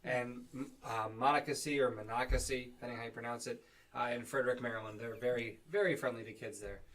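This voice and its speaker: A man's voice: medium pitch, fairly even intonation, fast talker, recorded from a distance, rough recording. A man casually chatting as a podcast co-host and parent, rambling with restarts and acting out playful quotes. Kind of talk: casual chat over beers.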